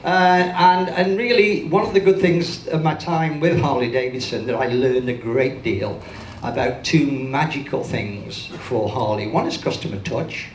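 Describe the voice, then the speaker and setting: A man's voice: mid-range voice, a little slow, slight background noise. Older Birmingham-accented man, echoey conference hall. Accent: Birmingham English. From Birmingham, England. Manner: joking, self-deprecating, chatty. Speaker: motivational speaker. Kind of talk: conference keynote talk. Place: large conference hall with audience.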